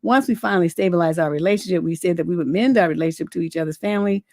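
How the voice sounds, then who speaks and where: A middle-aged woman with a lowish voice chats casually on her advice livestream, blunt and cussing freely. She rambles with lots of fillers as she tells stories and reads viewer letters. The sound is close and dry, with no room echo. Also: very fast, dark tone. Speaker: relationship coach and livestream host.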